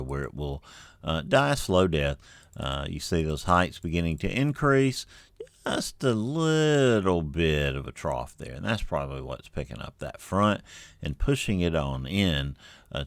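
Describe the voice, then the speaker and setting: A middle-aged man giving an unscripted weather briefing in a relaxed, folksy way with many fillers. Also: sits low, no room sound. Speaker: TV meteorologist.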